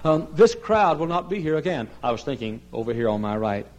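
An older pastor preaching with fervor. His voice drops to a soft plea, then climbs to ringing cries, and at times he moves away from the microphone in the sanctuary. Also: a little high, very animated, a little fast. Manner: impassioned preaching that swings from soft pleading to loud cries. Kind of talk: sermon. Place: large church sanctuary.

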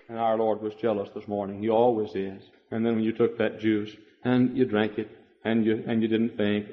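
A man preaching a sermon, swinging from hushed tones to loud, climbing shouts and often repeating words as he goes. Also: lowish voice, fairly even intonation, fairly quick. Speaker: pastor. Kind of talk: fiery sermon. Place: church sanctuary. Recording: dull old recording in a reverberant hall.

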